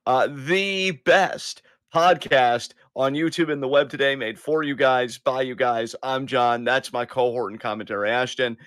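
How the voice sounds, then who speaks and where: Guy rambling on his podcast, regular pitch, dry sound, keeps restarting sentences. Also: a little slow, hardly any pauses, fairly bright tone, no room sound. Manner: rambling, self-correcting, chatty. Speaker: podcast co-host. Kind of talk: casual chat.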